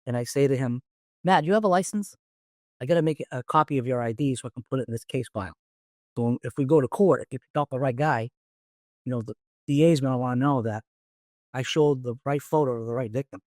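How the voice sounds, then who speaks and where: Middle-aged guy, retired cop telling a war story, swears a lot, mid-pitched voice, dry close mic. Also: fast talker, no echo. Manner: blunt, profane, animated storyteller acting out dialogue. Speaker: retired police detective, guest. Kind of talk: storytelling in a podcast interview.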